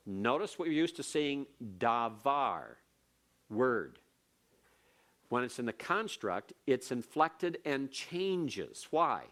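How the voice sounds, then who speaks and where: A man's voice: medium pitch, fairly bright tone. A man teaching Hebrew grammar in a classroom lecture, explaining patiently step by step and repeating key points.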